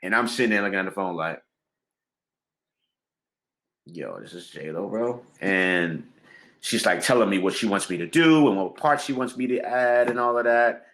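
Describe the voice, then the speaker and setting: Bright-voiced man telling a story. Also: medium pitch, fast talker, few pauses. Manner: laughs often, acts out phone calls. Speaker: music producer and drummer guest. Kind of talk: animated storytelling in a casual interview.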